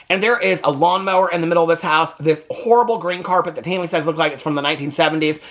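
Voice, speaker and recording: A man giving a sassy, animated casual recap of a reality TV episode, often tagging lines with "okay?". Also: high-pitched. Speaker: TV reaction vlogger.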